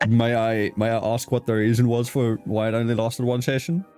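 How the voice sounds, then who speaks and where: A man's voice: mid-range voice, fairly even intonation, normal speed, a little mellow, clean tone, soft background music. A man hosting a casual interview, laughing often, swearing loosely and restarting his sentences. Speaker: host.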